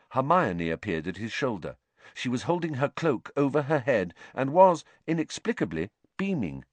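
A man narrating a story aloud with dramatic, expressive delivery. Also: fairly low pitch, no echo. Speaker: audiobook narrator. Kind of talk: scripted narration.

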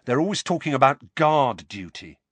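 An easygoing teenage boy, voiced by a man reading a storybook, rambles on in an offhand, chatty way. The delivery is lively and close to the mic in a dry recording. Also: mid-range voice, normal speed, breathy edge, no room sound, pitched above the performer's own voice.

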